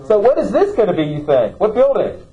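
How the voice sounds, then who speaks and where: Male teacher, questioning style, somewhat high voice, lo-fi classroom recording. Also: big pitch swings, a little fast, dark tone. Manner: questioning, checks in with "okay?". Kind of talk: classroom lecture.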